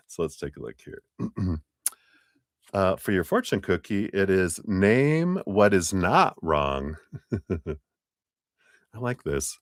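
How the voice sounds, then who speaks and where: A man giving a live-stream tarot reading, chatty and easygoing, chuckling often and clearing his throat between remarks. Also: deep voice, very animated, drawn-out words, long pauses, no room sound, studio quality. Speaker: tarot reader.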